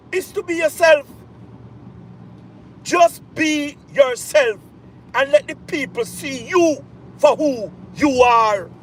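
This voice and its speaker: Jamaican guy ranting on a livestream, real high voice, slow and pushy, keeps asking you understand me. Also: a bit bright, a little hiss or hum, rough recording. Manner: emphatic and repetitive, with rhetorical check-ins. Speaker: political commentator. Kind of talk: livestream commentary.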